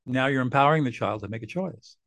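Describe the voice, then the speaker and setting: An older man appears as a mediator guest in a podcast interview, explaining things earnestly and acting out what parents and bosses say. His medium-pitched voice moves fast and has a slightly bright quality.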